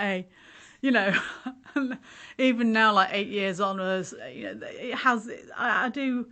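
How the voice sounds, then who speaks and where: A middle-aged woman in easy conversation, telling stories with frequent laughs. She slips into the voices of the people she quotes. Her pitch sits in the middle for a woman. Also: bright, forceful tone. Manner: chatty storyteller, laughs often, acts out quotes of others. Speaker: podcast host sharing her story. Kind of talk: casual chat.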